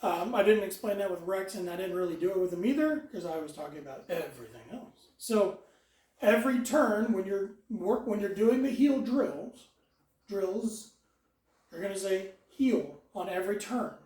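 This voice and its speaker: A dog trainer giving calm instructions while walking a dog, mixing explanations with short praise and commands. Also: mid-range voice, moderate pace. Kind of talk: hands-on dog training lesson. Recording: roomy sound, mic far off.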